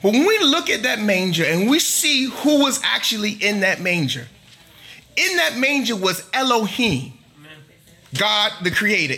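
A man's voice: sits high, very animated, measured pace, bright, forceful tone. A middle-aged male pastor preaching a sermon to a congregation, emphatic, building long chanted lists. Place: church before a congregation.

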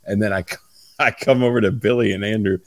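A man's voice: lowish voice, fairly even intonation, fairly quick. A man casually telling a funny story, laughing often and cursing freely.

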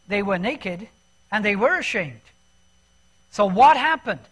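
High-voiced male preacher, lively and talky. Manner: conversational and animated, asks the congregation questions. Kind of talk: sermon.

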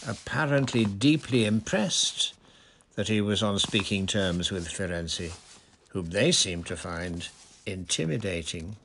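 Slow, low-voiced male audiobook narrator. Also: animated, noisy background.

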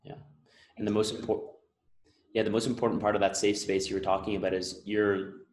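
A man's voice: fairly low pitch, little pitch movement, brisk, roomy sound, a little hiss or hum, low-quality recording. A man hosting a podcast, earnestly explaining ideas with analogies in a reflective conversation. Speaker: podcast host.

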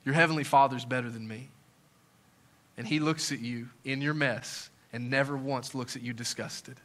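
A middle-aged male pastor preaching a sermon, swinging from soft, intimate lines to loud, excited ones with joking asides. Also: medium pitch, moderate pace.

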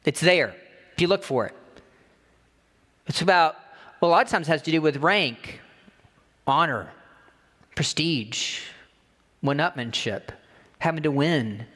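Pastor guy preaching, high voice, emphatic and chatty, big echoey hall. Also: a little slow, long pauses, a bit bright. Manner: emphatic, conversational preaching with repeated phrases. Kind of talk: sermon.

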